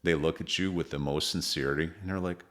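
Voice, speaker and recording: A man's voice: low voice, fairly even intonation, fast talker, a bit bright. A man co-hosting a parenting podcast, talking earnestly and telling stories, often restarting his sentences. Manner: earnest, storytelling with frequent restarts. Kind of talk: casual podcast conversation.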